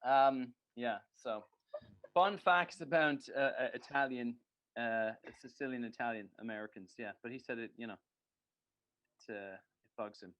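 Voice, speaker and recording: A man's voice: medium pitch, normal speed, fairly bright tone, lo-fi sound. A man co-hosting a podcast in casual chat, rambling and joking with plenty of swearing. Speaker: podcast co-host.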